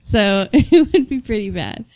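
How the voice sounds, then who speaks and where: A young woman co-hosting a podcast in casual chat, chatty and quick to laugh as she tells stories. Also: mid-range voice, expressive, warm tone, no room sound. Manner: chatty, laughs often, storytelling. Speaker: podcast co-host.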